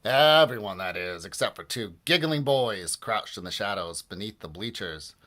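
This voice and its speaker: Lively man reading a children's book aloud. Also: low voice, normal speed. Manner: animated, playful delivery with many voices. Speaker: storybook reader.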